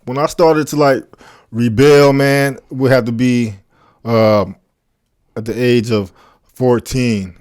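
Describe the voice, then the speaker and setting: A man who is a podcast guest, telling his own story in a reflective, earnest way, with halting restarts. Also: mid-range voice, steady tone, a little mellow, clear, resonant tone, no echo, clean studio sound. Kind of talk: casual conversational storytelling.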